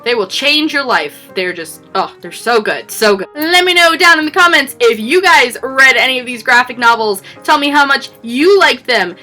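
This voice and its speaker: Bright, gushing young woman book vlogger. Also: fairly high pitch. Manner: gushing, effusive, repetitive superlatives. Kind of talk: enthusiastic book review vlog.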